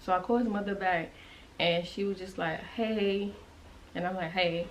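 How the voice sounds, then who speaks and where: Young woman vlogger, lowish voice, emotional and halting, casual storytime to her viewers. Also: fairly even intonation, slight background noise, rough recording. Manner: emotional, halting, with many restarts and fillers; conversational and direct to viewers.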